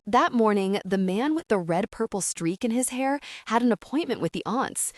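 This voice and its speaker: A woman narrating a young-adult novel as an audiobook, in an expressive storytelling manner, on a close studio mic. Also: on the high side, normal speed, no room sound. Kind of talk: scripted narration.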